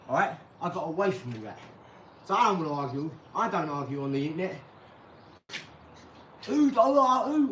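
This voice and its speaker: High-voiced rambling man. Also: a bit bright. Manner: rambling, blunt, swears then apologizes. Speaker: channel host. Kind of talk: casual vlog monologue. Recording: echoey room, far from mic, clear background noise.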